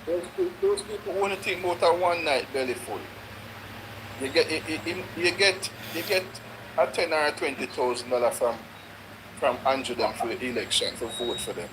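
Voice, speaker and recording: A man's voice: on the high side, moderate pace. A man with a Jamaican accent speaking bluntly in a casual chat, stumbling over restarts. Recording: noisy background hiss.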